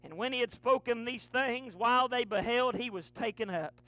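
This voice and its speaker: A man, preaching a fervent sermon to his church, punctuating lines with breathy "uh"s. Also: very high voice, normal speed, no room sound. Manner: fervent preaching with rising, shouted runs and many "uh" breaths. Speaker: pastor. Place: church sanctuary.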